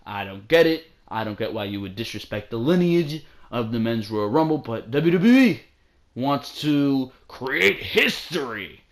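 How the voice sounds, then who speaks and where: Excitable young man reviewing wrestling. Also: medium pitch, unhurried. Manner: excitable, repeats lines for emphasis, says "bro". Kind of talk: casual commentary review. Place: at home.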